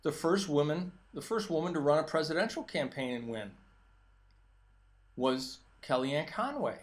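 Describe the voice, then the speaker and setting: A man's voice: on the high side, lively intonation, moderate pace. A man hosting his own political commentary show, talking solo in a sarcastic, mocking tone.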